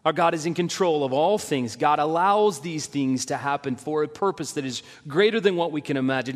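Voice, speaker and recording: A middle-aged man, a pastor, preaching a sermon and acting out the voices of people he quotes with animated intensity. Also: a little high, a little fast, few pauses. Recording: long reverb in a large hall.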